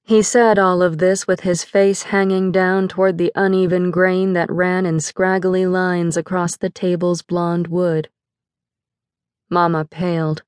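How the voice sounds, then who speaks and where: A woman narrating a first-person audiobook in a measured, dramatic storytelling manner, close to a studio mic. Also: on the low side, little pitch movement, a little mellow, smooth, no echo.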